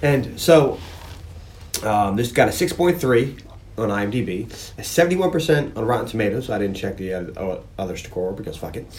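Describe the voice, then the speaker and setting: A man's voice: lowish voice, normal speed. A man co-hosting a movie podcast, telling stories in casual, rambling chat. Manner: rambling storyteller, animated. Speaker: podcast co-host.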